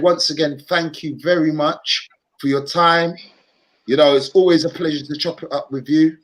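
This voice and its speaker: A man's voice: on the high side, a bit bright, rough recording. A man with a Cockney accent hosting a casual live stream, chatty and upbeat, repeating phrases for emphasis. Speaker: vlogger and live-stream host.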